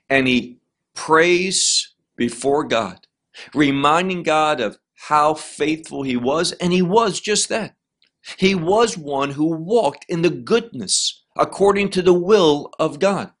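Slow, emphatic male Bible teacher. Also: fairly high pitch, a bit bright. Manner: slow, deliberate, emphatic phrasing.

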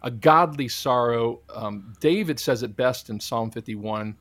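A man's voice: medium pitch, unhurried, a bit bright, no room sound. Earnest preaching man, dry close mic. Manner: earnest, preacherly, quotes scripture. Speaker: guest, Christian minister. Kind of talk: conversational interview testimony.

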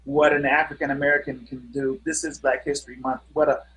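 A man's voice: medium pitch, level tone, brisk, a bit bright, slight background noise, rough recording. A middle-aged man, a guest musician, telling stories in a casual interview with an earnest manner and many fillers.

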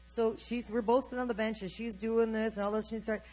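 An older woman preacher delivering an energetic sermon, urging the congregation to repeat her words. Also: a little high, fairly quick, rough recording.

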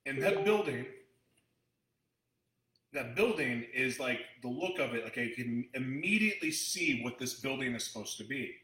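A man's voice: medium pitch, lively intonation, moderate pace, pushed and bright, roomy sound, low-quality recording. A man hosting a talk, chatting to his audience in a rambling, emotional way with frequent restarts. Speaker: host addressing an audience. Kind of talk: casual storytelling talk.

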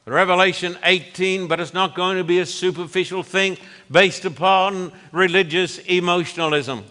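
A man preaching a sermon in an emphatic, deliberate way. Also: high-pitched, steady tone, pushed and bright, in a large hall.

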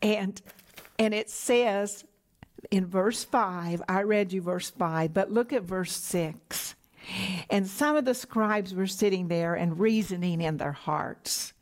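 Speaking in a mid-range voice, a middle-aged female minister delivers a slow, emphatic sermon. Now and then she lowers her voice to a whisper to stress important points.

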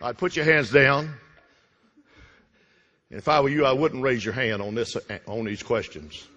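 A man preaching a fervent sermon, repeating lines and swinging from loud bursts to hushed drops. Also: medium pitch, measured pace, highs cut off. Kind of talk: Pentecostal-style sermon. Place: church sanctuary. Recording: reverberant church hall.

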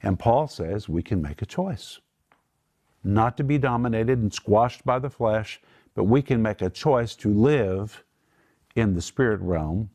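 A man's voice: fairly low pitch, animated, a little slow, darkish tone. A middle-aged man teaching the Bible on a Christian broadcast, emphatic and lifting his voice when quoting scripture. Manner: emphatic, lifts voice for quoted words.

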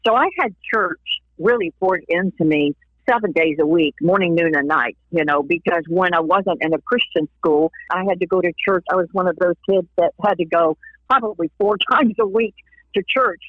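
A woman's voice: lowish voice, moderate pace, dry recording. A woman from Florida, a guest on an interview show, telling her faith story with lots of laughs and acted-out quotes. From Florida, USA. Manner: warm storytelling that laughs often and acts out quoted voices. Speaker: interview guest, singer and evangelist. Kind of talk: personal testimony in a casual interview. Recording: tinny phone-line audio, dry.

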